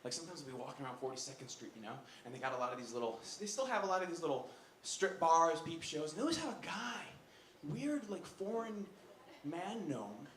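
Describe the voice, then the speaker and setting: A man doing a stand-up set on a comedy club stage, animated and loud, shouting his punchlines. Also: on the high side, fairly quick. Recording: roomy club with audience noise.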